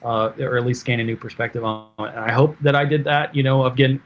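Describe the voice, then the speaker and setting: A man's voice: medium pitch, little pitch movement, slight background noise. A man who is a film director, telling behind-the-scenes stories in a casual interview, full of fillers and restarts. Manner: halting, filler-heavy anecdotal storytelling. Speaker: film director, podcast guest.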